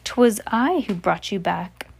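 A woman's voice: medium pitch, expressive, slow pace, vocal fry, darkish tone, slightly rough, exaggerated voice. A woman reading a story aloud and voicing a haughty, scheming witch who purrs sweetly and cackles. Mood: sweetly menacing. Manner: purring, then cackling.

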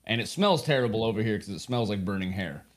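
A man's voice: lowish voice, expressive, fast. A man narrating as game master of a tabletop game in a casual, rambling way full of fillers. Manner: casual, rambling, filler-heavy, laughs easily.

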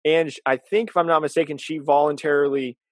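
A man in casual conversation who explains things earnestly and often pauses with fillers. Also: a little high, fairly even intonation, dry recording. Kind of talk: casual chat.

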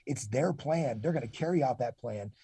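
Husky earnest man, dry close sound. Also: mid-range voice, lively intonation, normal speed, mellow, no room sound. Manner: earnest, many restarts and repeated words. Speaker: guest. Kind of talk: casual interview talk.

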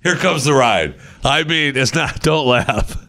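A man's voice: medium pitch, measured pace, gravelly. An American man hosting a podcast, chatting casually and acting out stories with sound effects. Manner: animated storyteller, acts out scenes with sound effects. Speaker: podcast host. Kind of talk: casual chat.

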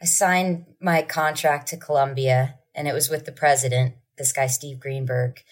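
Low-voiced woman telling lively stories. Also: normal speed. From New Jersey. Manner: animated, acting out quotes with laughs. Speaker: guest musician. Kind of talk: casual storytelling.

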